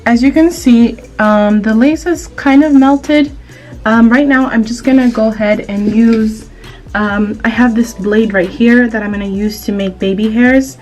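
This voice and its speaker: A woman vlogger narrates a hair tutorial in a loose, chatty way. Her voice sits a little high, and she scatters fillers as she goes. Soft music plays faintly underneath. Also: fairly even intonation, unhurried. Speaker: beauty vlogger.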